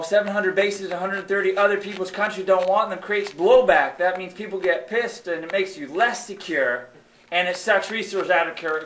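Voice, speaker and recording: A man voicing a calm, skeptical young activist puppet who speaks quietly in a live puppet show, recorded in an echoey hall. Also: high voice, a little hiss or hum. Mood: lecturing.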